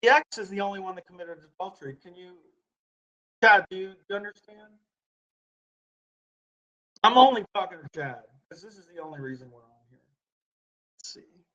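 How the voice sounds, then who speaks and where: A man's voice: high-pitched, animated, moderate pace, pauses often, a bit bright, muffled recording. A man hosting a live stream, talking to his viewers through a laptop's built-in mic, blunt and profane, repeating his questions at people in the chat.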